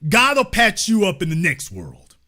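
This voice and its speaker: A man's voice: high-pitched, wildly swooping pitch, normal speed, sharp tone, full character voice. A man putting on the voice of a smug, condescending wealthy man, delivered with mocking, patronizing sarcasm.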